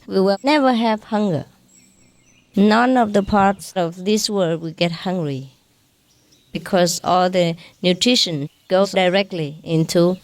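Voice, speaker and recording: Woman teacher lecturing followers informally, mid pitch, dry close sound, tags "huh?" onto lines. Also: darkish tone, dry recording. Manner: chatty, ends phrases with questioning "huh?"; self-mocking, joking about her broken English. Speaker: spiritual teacher.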